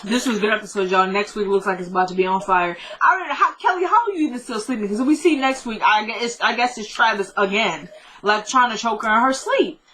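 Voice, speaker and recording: A young woman vlogger chatting casually through an episode recap, retelling scenes in a lively, animated way. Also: mid-range voice, fast talker, rough recording.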